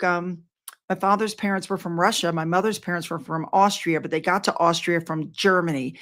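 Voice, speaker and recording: A woman's voice: mid-range voice, a bit bright. An older woman vlogging from home, talking straight to her viewers. She rambles from one thing to the next with effusive enthusiasm, keeping everything loose and casual.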